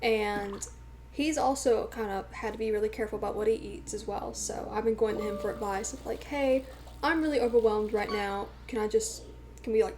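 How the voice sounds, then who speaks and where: A woman streamer talking casually to her live chat in a rambling, chatty way, full of fillers. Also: medium pitch.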